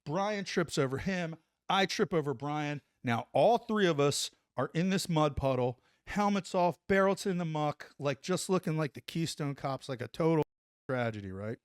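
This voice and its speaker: A middle-aged man and former soldier telling a story on a podcast, animated, acting out what people said and saying "like" often. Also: fairly high pitch, moderate pace, clean tone, no echo, studio quality. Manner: animated, acts out quotes, says "like" a lot. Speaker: podcast guest, former Army Ranger. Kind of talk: casual storytelling.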